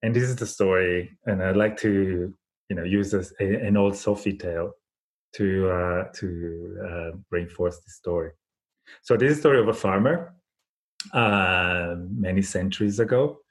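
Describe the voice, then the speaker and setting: A man's voice: low-pitched, a little slow. A man speaking as an interview guest, telling a folk parable in a thoughtful, reflective way with frequent restarts. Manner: thoughtful, many restarts and fillers. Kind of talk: reflective conversational storytelling.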